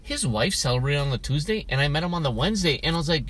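A man's voice: a little high, animated, rapid-fire, hardly any pauses. A man co-hosting a podcast, teasing and joking in casual banter. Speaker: podcast co-host.

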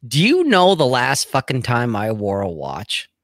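A man's voice: medium pitch, huge pitch swings, unhurried, no room sound. A middle-aged man co-hosting a casual chat, talking bluntly and rambling, with frequent swearing. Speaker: co-host.

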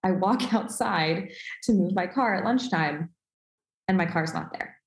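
A woman's voice: lowish voice, a little slow, gravelly, echoey room, poor audio. A woman telling a self-deprecating story in casual podcast chat, acting out the dialogue. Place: Los Angeles.

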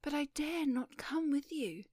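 A frightened young lady speaks in a breathy, pleading whisper, her voice lifted a little higher than the reader's own, as a woman puts her on. The recording is close and dry, with no room sound behind it. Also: moderate pace, a little mellow, no room sound, natural voice.

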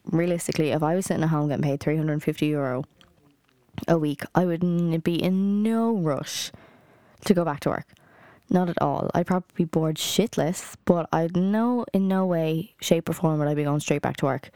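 Low-voiced, blunt Irish woman. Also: dark tone, clear, resonant tone, no echo, clean studio sound. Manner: rambling, blunt, swears freely, many fillers. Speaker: podcast host. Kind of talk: casual solo podcast chat.

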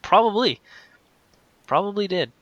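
A man's voice: sits high, lively intonation, measured pace, fairly bright tone, no echo, dull audio. A man casually telling a personal story in a rambling way, full of "like"s and restarts. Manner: rambling, filler-heavy with many "like"s. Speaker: guest telling his story.

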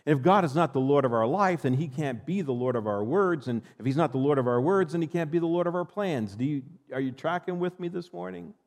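A man's voice: fairly high pitch, lively intonation, a little fast, few pauses, darkish tone. A male pastor preaching a sermon, reading scripture and emphatically addressing the congregation, in a long church reverb.

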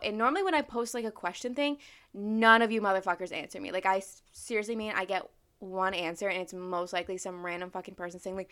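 A woman's voice: medium pitch, fairly even intonation, fast talker, fairly bright tone. A young woman in her twenties vlogging in a candid, rambling way, swearing freely and poking fun at herself. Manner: candid, swears freely, self-mocking, lots of "like". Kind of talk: casual rambling monologue.

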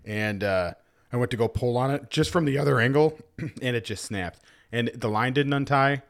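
A man's voice: mid-range voice, moderate pace. A man co-hosting a podcast, chatting casually and asking follow-up questions. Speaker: podcast co-host. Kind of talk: casual chat.

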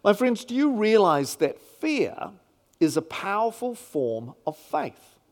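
High-voiced, lively male preacher. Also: slow. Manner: emphatic, rhetorical questions to the congregation. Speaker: pastor. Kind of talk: sermon.

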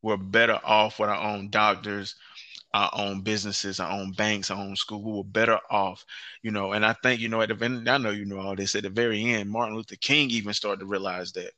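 A man hosting a podcast speaks in a low, bright, forceful voice. He talks emphatically, comes back to the same phrases, and stammers when he gets excited. The sound is dry and close. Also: a little fast, no room sound. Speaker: podcast host. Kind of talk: casual conversation.

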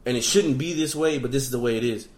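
A man's voice: medium pitch, fast, a little mellow. A man in casual conversation who speaks bluntly and profanely. His voice carries a roomy echo. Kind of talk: casual chat.

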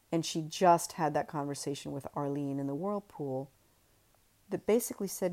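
A woman's voice: sits low, fairly even intonation, moderate pace, warm tone. A woman hosting a writing podcast, talking casually about fiction craft with fillers and asides. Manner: chatty, reflective, with fillers and asides. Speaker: writing teacher and podcast host.

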